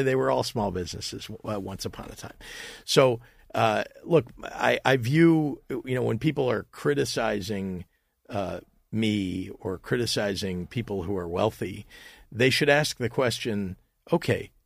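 A man's voice: fairly low pitch, vocal fry, breathy edge, no room sound, clean studio sound. A middle-aged man, a state governor, answering interview questions emphatically, often restarting and repeating words.

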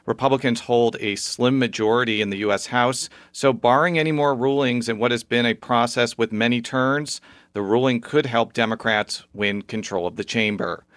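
A male radio reporter filing a scripted news story in a steady, matter-of-fact manner. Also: medium pitch, dry recording.

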